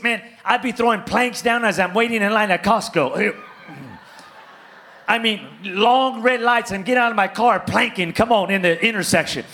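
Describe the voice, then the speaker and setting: Male pastor, high and bright, playful storyteller who works the crowd. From California, US. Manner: animated, playful, calls out to congregation. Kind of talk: sermon with comic storytelling.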